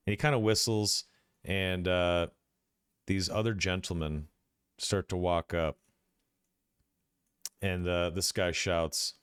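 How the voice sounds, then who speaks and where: Male game master for a tabletop session: low, smooth voice, halting delivery. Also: fairly even intonation, a bit bright, dry recording, clean studio sound. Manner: hesitant, many fillers and restarts.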